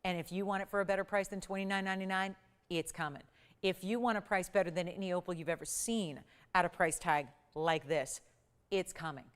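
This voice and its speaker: Smooth-voiced woman selling jewelry live. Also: fairly low pitch, steady tone, a little fast. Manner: urgent, upbeat salesy patter with price countdowns. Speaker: shopping channel host. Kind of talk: live TV jewelry sales pitch. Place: TV studio.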